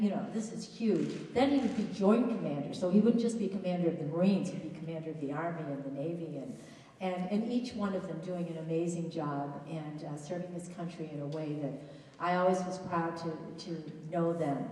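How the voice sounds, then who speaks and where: A woman with a lowish, mellow voice gives a chatty, enthusiastic introduction, often restarting her sentences. She is heard from a distance in a large hall with a long, roomy echo. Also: slight background noise. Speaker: speaker introducing a guest at a college event. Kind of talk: informal introductory speech. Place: large hall at a college event. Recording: echoey hall, voice picked up from a distance.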